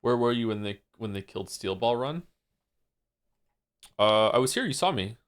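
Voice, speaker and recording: A man's voice: medium pitch, lively intonation, normal speed. A man streaming from home, chatting casually with his viewers, rambling with many fillers and restarts. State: losing his voice. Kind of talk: casual chat with chat.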